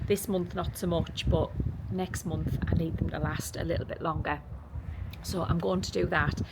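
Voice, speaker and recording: English woman in her thirties, easygoing vlog chatter, lower pitched, noisy phone audio. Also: fairly even intonation, moderate pace. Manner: chatty, rambling, self-deprecating. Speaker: vlogger. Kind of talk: casual vlog chat to camera. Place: in a car for some parts.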